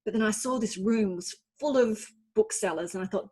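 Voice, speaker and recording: An Australian woman in her forties gives an online author talk, recounting her story in a chatty, self-deprecating way. Her voice is mid-pitched with a husky, slightly breathy edge. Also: measured pace, darkish tone. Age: 40s.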